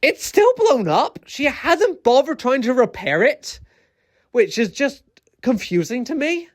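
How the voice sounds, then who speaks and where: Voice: sits high, sing-song, a little slow. A video essayist ranting casually, rambling through many fillers and restarts with exasperated, incredulous asides.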